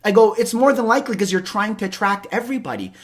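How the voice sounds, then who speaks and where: A man hosting an interview show, talking in a rambling, animated way and acting out little conversations as he goes. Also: sits high, quick pace. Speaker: host. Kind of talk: casual interview chat.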